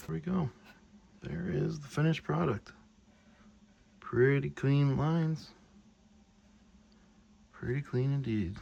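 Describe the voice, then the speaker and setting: A young man thinking aloud and getting excited as he works in a home workshop, filming a casual maker vlog. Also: medium pitch, vocal fry, a little hiss or hum. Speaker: maker vlogger.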